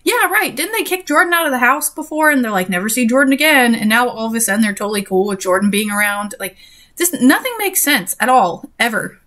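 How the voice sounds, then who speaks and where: A young woman with a fairly high voice reads a story aloud. She keeps stopping to mock it in a sarcastic, exasperated way. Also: very animated, fast, fairly bright tone. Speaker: reader and commentator. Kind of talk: reading a story aloud with mocking asides.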